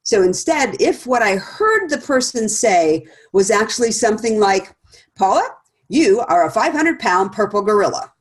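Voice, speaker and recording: A middle-aged woman from a speaker series gives a casual, conversational talk, laughing often and acting out remarks she quotes. Her mid-range voice swings widely in pitch at a moderate pace.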